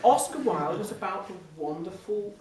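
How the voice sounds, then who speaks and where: A man, an impressionist, answering audience questions with lively, animated anecdotes and frequent restarts. His pitch swings widely. He sounds distant from the mic in a big, echoey hall with faint background noise. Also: normal speed. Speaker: impressionist speaking as guest. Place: large hall before an audience.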